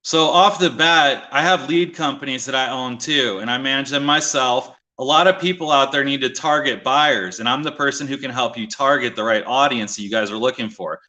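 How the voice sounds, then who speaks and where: A man's voice: mid-range voice, fairly quick, few pauses, pushed and bright. A man calling in as a mortgage broker, pushing his event and defending himself. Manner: pushy, defensive salesman. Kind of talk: call-in pitch.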